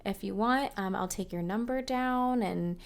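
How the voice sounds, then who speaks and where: A woman's voice: medium pitch, measured pace, gravelly. A woman voicing a friendly, chatty young female neighbor in a life-sim game, in a breezy tone.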